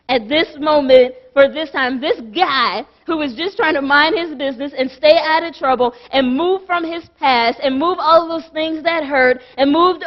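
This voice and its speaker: Woman pastor, high voice, dramatic preaching with repeated phrases, muffled church recording. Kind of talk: sermon. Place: church sanctuary.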